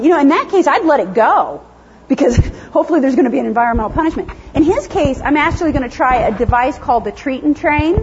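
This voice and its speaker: A woman's voice: high voice, a little hiss or hum. A woman lecturing on animal behavior to an audience, chatty and self-deprecating, laughing often as she explains. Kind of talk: conference lecture with audience questions. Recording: dull lo-fi sound.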